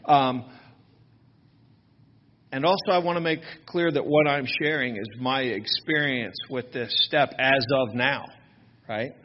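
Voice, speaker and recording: A man's voice: mid-range voice, unhurried, pauses often, big-room sound, noisy background. Chatty man speaking at a workshop. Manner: chatty and self-deprecating, with frequent "right?" asides. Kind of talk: casual workshop talk to an audience. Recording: slightly dull, lo-fi recording.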